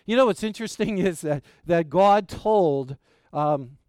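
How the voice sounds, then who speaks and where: A man's voice: high voice, expressive, a little slow, a little mellow, smooth, no echo, studio quality. A middle-aged male pastor preaching a sermon, telling family stories in a folksy, rambling way with many fillers.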